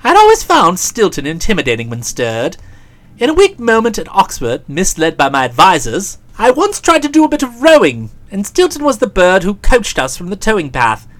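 A woman's voice: mid-range voice, huge pitch swings, moderate pace. A woman narrating a comic novel aloud in a dry, wry storytelling manner. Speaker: audiobook narrator.

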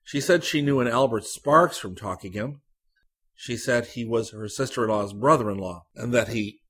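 A man reading a literary short story aloud, narrating at a measured, even pace. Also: fairly low pitch, husky.

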